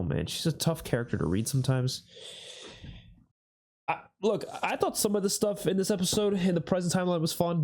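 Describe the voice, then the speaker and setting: A young man giving casual reaction commentary on a TV episode, excitable and swearing often, his voice jumping high on outbursts. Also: vocal fry. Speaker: reaction video host.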